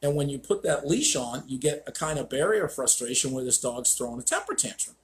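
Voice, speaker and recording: A man's voice: medium pitch, expressive, brisk. A man hosting a live stream as a dog trainer, telling stories in a blunt, profane, ranting way.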